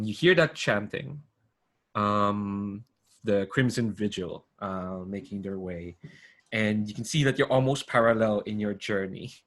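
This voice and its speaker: A man's voice: on the low side, fairly bright tone. A man narrating as game master, rambling with many fillers and restarts over a video call.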